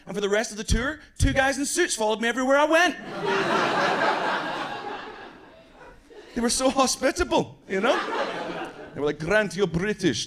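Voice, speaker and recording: A man's voice: on the high side, fairly bright tone, a little hiss or hum. Brash Scottish stand-up man. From Scotland. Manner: brash, swearing, acts out quick voices for people in his stories. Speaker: stand-up comedian. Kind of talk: stand-up comedy set. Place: comedy club stage before a live audience. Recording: live club audio with crowd laughter.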